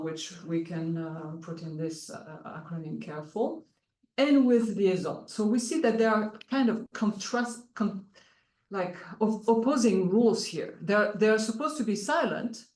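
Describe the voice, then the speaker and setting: A woman's voice: medium pitch, darkish tone. Woman, conference presenter, explanatory academic delivery with many fillers, echoey room. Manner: explanatory, halting with frequent fillers. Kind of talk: academic talk.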